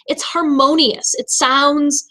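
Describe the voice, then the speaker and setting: A woman teacher giving a recorded vocabulary lesson, explaining terms with frequent pauses and restarts. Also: high-pitched, steady tone, sharp tone. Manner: explanatory, with many fillers and restarts.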